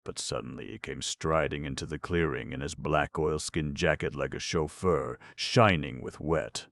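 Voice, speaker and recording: A man reading a novel aloud as an audiobook narrator, in a measured, expressive manner. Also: very deep voice, vocal fry, dry recording. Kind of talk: scripted narration.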